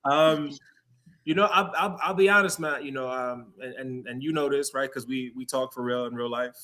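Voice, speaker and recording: A man's voice: medium pitch, fairly even intonation, bright, forceful tone. A middle-aged man from New York City, a guest speaking candidly and reflectively, often restarting his phrases. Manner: earnest, reflective, halting restarts. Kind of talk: candid conversational interview.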